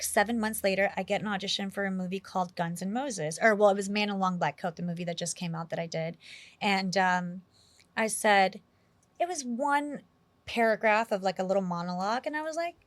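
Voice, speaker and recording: A woman from New York City, an actress being interviewed, telling animated stories in a chatty way with lots of acted-out quotes. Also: medium pitch, no room sound. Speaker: actress guest. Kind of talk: casual interview storytelling.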